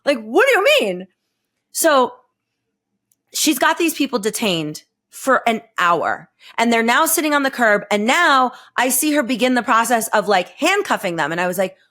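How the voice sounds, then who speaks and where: A woman's voice: fairly high pitch, moderate pace. A woman in her thirties telling a long story on a podcast, chatty and profane, acting out what people said. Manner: animated, profane, acts out quotes in raised voice. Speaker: podcast host. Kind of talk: storytelling casual chat.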